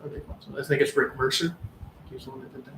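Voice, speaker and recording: A mid-pitched man co-hosts a casual podcast, rambling with fillers and false starts. The room sounds echoey, with a faint layer of background noise. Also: steady tone, fast, fairly bright tone. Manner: rambling, hesitant, lots of fillers. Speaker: podcast co-host. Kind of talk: casual chat.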